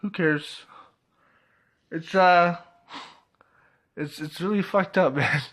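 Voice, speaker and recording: A man's voice: sits high, slow, fairly bright tone. A young man casually reviewing a TV episode, laughing often, swearing freely and filling his talk with "like" and "uh".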